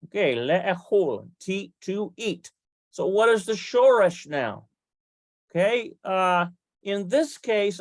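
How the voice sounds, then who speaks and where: Slow, methodical language teacher. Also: medium pitch, dry recording. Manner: methodical, spells out letters and vowels step by step; thinks aloud with frequent fillers and self-corrections. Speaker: Hebrew teacher. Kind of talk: online grammar lesson.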